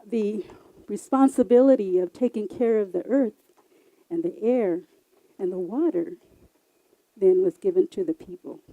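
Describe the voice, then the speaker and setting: A woman telling traditional and family stories live on stage, lively and expressive. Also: medium pitch, no room sound, rough recording. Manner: lively, expressive, varies loud and soft. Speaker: storyteller. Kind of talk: live oral storytelling.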